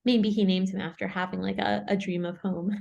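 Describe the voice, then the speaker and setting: A woman's voice: medium pitch, fairly even intonation, normal speed, gravelly, a little mellow. A woman leading a casual Torah study group, chatty and thinking aloud with many "like" and "right?" asides.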